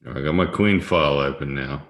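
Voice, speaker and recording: Very deep-voiced man chatting in a roomy space. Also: quick pace, a bit bright. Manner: chatty, laughs often, reads viewer comments aloud. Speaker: livestream host. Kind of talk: casual live-stream chat while playing chess. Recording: roomy echo.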